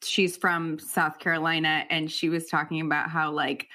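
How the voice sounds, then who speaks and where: A woman interviewer with a low-pitched but sharp, bright tone. She chats loosely, laughs a lot and lets her sentences trail off. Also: flat delivery, moderate pace. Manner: chatty, laughs often, trails off mid-sentence. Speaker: podcast host. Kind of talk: casual interview chat.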